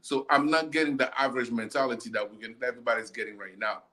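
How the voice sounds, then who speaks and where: A man's voice: mid-range voice, fairly even intonation, fast talker, sharp tone. A man hosting a casual football chat, ranting bluntly and repeating himself as he argues.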